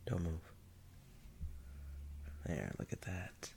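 A man voicing a dominant, mocking non-human male creature in a whispered role-play, talking in a breathy, taunting manner with frequent chuckles. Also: low voice, big pitch swings, drawn-out words, darkish tone, exaggerated voice.

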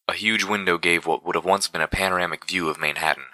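A man narrating first-person fiction in a measured, dramatic storytelling manner. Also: low-pitched, steady tone, sharp tone, no echo. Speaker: audiobook narrator.

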